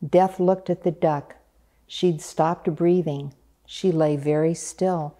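A woman reading a picture book aloud in a gentle, unhurried way. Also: low voice, steady tone. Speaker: storyteller.

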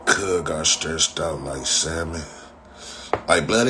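A man's voice: low-pitched, pushed and bright, a little hiss or hum. A young man from Inglewood, ranting casually on a livestream, profane, boastful and repetitive, often breaking into laughter. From Los Angeles, Inglewood. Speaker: livestream host.

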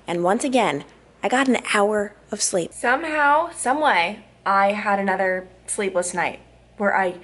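A young woman in her twenties, a news reporter, talking casually and expressively to the camera in a vlog. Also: mid-range voice. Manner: chatty and expressive, with fillers like "like".

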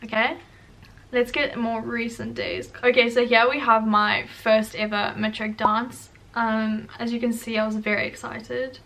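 A woman's voice: fairly high pitch, little pitch movement, a little slow, gravelly, a bit bright, distant mic. Chatty young South African woman vlogger. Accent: South African English. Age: young adult. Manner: chatty, self-mocking, laughs often. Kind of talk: casual vlog chat.

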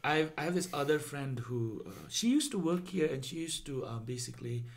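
A man's voice: mid-range voice, expressive, brisk. A young man hosting a casual podcast, telling stories in a chatty way and sometimes searching for the right word. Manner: chatty storyteller, searches for words, laughs often. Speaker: podcast host.

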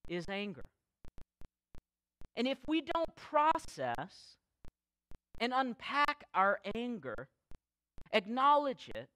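A man preaches from the pulpit, his voice moving freely up and down in pitch. He tells candid stories with dry, self-mocking humor, then slows to press key phrases home. The sound is dry and close. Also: a bit bright, no room sound, poor audio. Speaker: pastor. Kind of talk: sermon. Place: church service, recorded live.

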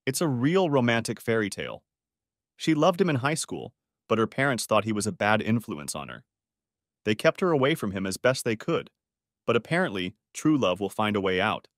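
Expressive male audiobook narrator. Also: fairly low pitch, normal speed, no echo, clean studio sound. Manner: expressive storytelling. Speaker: story narrator.

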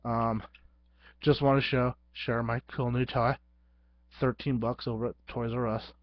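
A man's voice: medium pitch, little pitch movement, a little slow, dry recording. A man casually showing off a toy to the camera at home, joking and making sound effects. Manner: goofy, playful, sound effects. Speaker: vlogger. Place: home, at his computer. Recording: dull lo-fi, dry sound.

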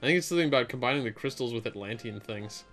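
A man's voice: medium pitch, lively intonation, rapid-fire, a bit bright, soft background music. Rambling man narrating his gameplay. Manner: rambling, filler-heavy storytelling. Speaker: let's play host. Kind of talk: casual gameplay chat.

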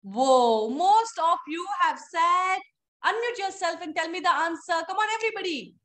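A woman's voice: very high-pitched, expressive, moderate pace, a bit bright. A woman teaching a live online phonics class to young children, encouraging and playful in a sing-song way.

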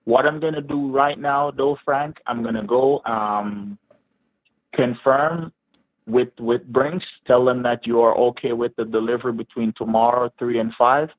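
A man's voice: mid-range voice, steady tone, a little slow, no room sound. A man on a phone call, speaking politely and reassuringly with hesitant fillers, addressing the other as sir. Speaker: phone scammer. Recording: tinny dry phone line.

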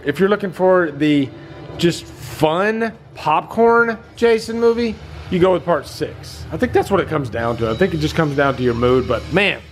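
An enthusiastic middle-aged man chats through a movie reaction in a casual, swear-laden way. His voice sits a bit higher than most men's. Faint music plays softly behind him. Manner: enthusiastic, loose, swears freely. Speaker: vlogger.

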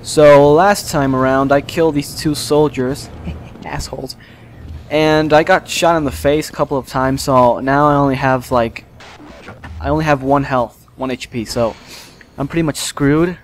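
A man hosting a let's play, commenting live on gameplay with excitable, frustrated outbursts and swearing. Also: mid-range voice, unhurried, slight background noise.

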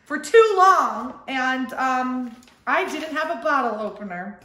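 A woman's voice: sits high, expressive, takes it slowly, pushed and bright, reverberant. A young woman with a Texan accent, chatting through a casual unboxing vlog, giggling often and swearing casually. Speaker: vlogger.

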